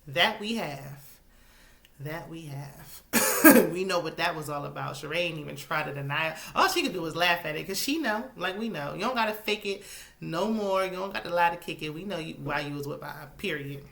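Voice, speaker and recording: A sassy woman with a lowish, bright, forceful voice chats through her reality TV recap. She drops into asides and shoots up into high exclamations when something annoys her. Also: a little fast, vocal fry. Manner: sassy, animated commentary with sudden high-pitched exclamations. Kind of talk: casual chat.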